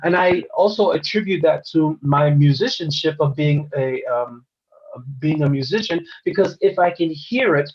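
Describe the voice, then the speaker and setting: A man's voice: on the high side, breathy edge. An American man earnestly telling a personal story, retelling scenes through quoted dialogue. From United States. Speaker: interviewee. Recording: dull lo-fi recording.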